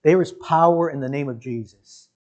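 A man's voice: a little high, normal speed, a little mellow, muffled recording. A man preaching a sermon in an emphatic, conversational way, talking directly to his congregation. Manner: emphatic, conversational, often says "listen" and "guys". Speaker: pastor.

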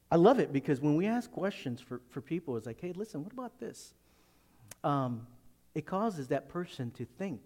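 A male pastor preaching in a church with a high voice that leaps up and down. He is animated and dramatic, acting out the voices of the people he describes, with laughter slipping in. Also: long reverb tail. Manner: animated, acts out quotes, laughs often. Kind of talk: expository sermon.

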